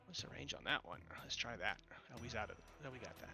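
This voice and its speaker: A man narrating as game master in an online tabletop session, relaxed and muttering to himself between descriptions. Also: medium pitch, fast, creaky, over music. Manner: relaxed, mutters to himself while moving tokens.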